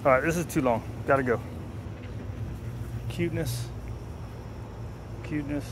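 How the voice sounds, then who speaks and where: A man with a mid-range voice vlogs casually outdoors while training his dogs, talking rapid-fire and telling stories between short, firm commands. He's a dog trainer, and the background is noisy.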